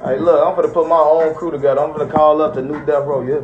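A man's voice: fairly high pitch, steady tone, quick pace, muffled recording, over music. A young man in a boastful, threatening trash-talking rant aimed at rivals. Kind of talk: taunting rant to viewers.

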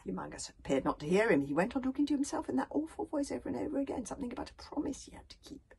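Husky woman reading a storybook aloud. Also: high voice, very animated, very fast, few pauses, poor audio. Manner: dramatic, often dropping to a hush. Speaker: author reading her book.

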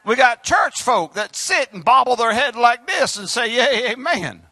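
A male Southern US preacher with a high, bright, strongly swinging voice. He shouts some lines and drops into quiet asides, and the sound is dry and close. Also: animated, a little slow, no room sound. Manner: preaching with loud outbursts and sudden quiet asides. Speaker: pastor. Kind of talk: fiery sermon. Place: church sanctuary.

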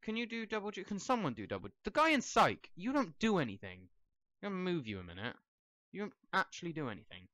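Young guy chatting over a game, bouncy pitch, bright voice, dry close sound. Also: huge pitch swings, fast talker, dry recording. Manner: rambling, talks to the game characters. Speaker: let's play gamer. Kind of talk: casual gameplay commentary.

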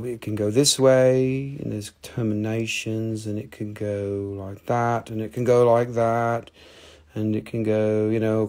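This man's voice sits on the low side and has a slightly mellow quality. He's the host of a live rock-selling show, a casual sales stream where he holds up stones, cracks jokes, wanders off on tangents, and curses without restraint.

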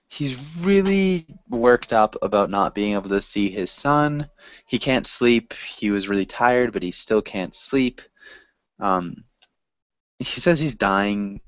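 A man's voice: mid-range voice, dry recording. A man teaching a reading class, explaining a story in a casual, hesitant way with many fillers. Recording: dull lo-fi recording.

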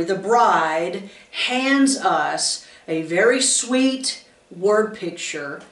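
A woman giving a conversational devotional talk, earnest and homey, with lively asides to her listeners. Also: mid-range voice. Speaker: pastor's wife giving a devotional. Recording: roomy sound from a distant mic.

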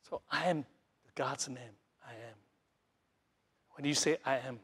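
Taiwanese-born pastor guy, husky voice, halting english, lots of "you know", goes loud then soft. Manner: broken English, repeats words and many fillers; animated, jumps between loud highs and soft lows. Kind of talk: sermon.

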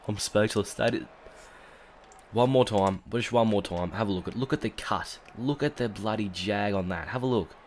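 A man with an Australian accent talks through a video game in a loose, filler-heavy commentary, his voice thick and congested from a cold. He sits slightly low in pitch and jumps into loud, excited shouts at key moments, with a faint hiss of noise behind him. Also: normal speed. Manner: chatty, rambling with fillers, bursts into excited shouts at big moments. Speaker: gaming YouTuber. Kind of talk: casual let's-play commentary.

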